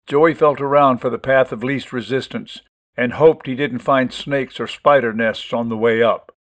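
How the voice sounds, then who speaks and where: Male narrator, measured expressive audiobook read, mid-pitched. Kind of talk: audiobook story reading.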